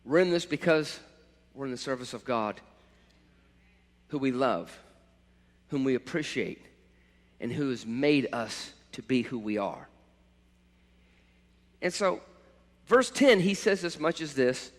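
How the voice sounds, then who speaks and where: A man preaching a sermon as pastor, impassioned, swelling to loud cries at times. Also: mid-range voice, lively intonation, slow pace, long pauses. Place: church sanctuary. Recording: church hall reverb.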